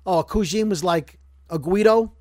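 A man's voice: sits high, normal speed, warm tone, dry recording, studio quality. A man from Brooklyn hosting a podcast in casual chat, rambling and joking as he corrects himself. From Brooklyn, New York. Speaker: podcast host.

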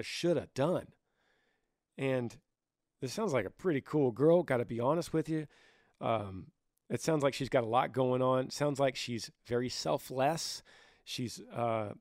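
A man's voice: mid-range voice, no echo, clean studio sound. A man hosting a podcast, giving casual advice in an earnest, conversational way, his voice a little scratchy. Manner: earnest, conversational, with restarts and soft laughs. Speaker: podcast host.

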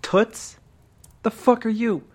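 A woman's voice: a little high, steady tone, slow pace. A woman playing a tabletop game, talking in a brash, street-tough way. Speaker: player.

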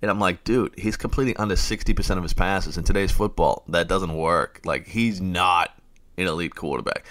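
A man's voice: low-pitched, moderate pace, a bit bright. A man hosting a late-night fantasy football radio show, ranting and getting fired up.

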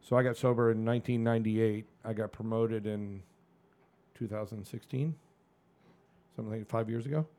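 A man's voice: on the low side, normal speed. A middle-aged man telling his own story candidly in a casual podcast chat, swearing freely and acting out what others said. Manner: candid, profane, animated storyteller. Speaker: guest.

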